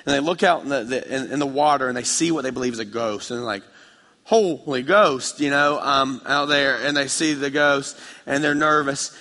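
A man preaching a sermon with passion, moving between quiet, intimate passages and loud, fervent ones as he tells a story. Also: medium pitch, a little fast. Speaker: pastor. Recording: reverberant hall.

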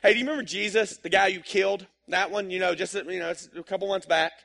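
A man playing a loud, taunting apostle. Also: high-pitched, vocal fry, voice pushed up. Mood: taunting, incredulous. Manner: loud, mocking, rapid rhetorical questions. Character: bold exasperated apostle Peter, grown man.

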